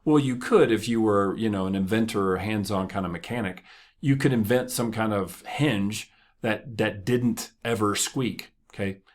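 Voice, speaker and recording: A man with a fairly low voice hosts a motivational podcast. He talks in a loose, conversational way, tosses in asides, and laughs at his own stories. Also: steady tone, normal speed. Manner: conversational, joking, laughs often. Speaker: podcast host.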